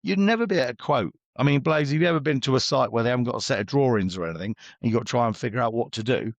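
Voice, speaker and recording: A man's voice: medium pitch, rapid-fire, creaky, no echo. A middle-aged man, a business coach, talking bluntly and chattily as an interview guest and acting out his exchanges with clients.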